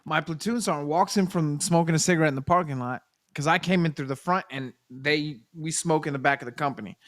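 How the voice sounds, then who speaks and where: Profane, animated male army storyteller. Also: fairly high pitch, fairly quick, dry recording. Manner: animated storyteller, profane, acts out quoted people. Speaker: podcast co-host, Army veteran. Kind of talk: casual chat, storytelling.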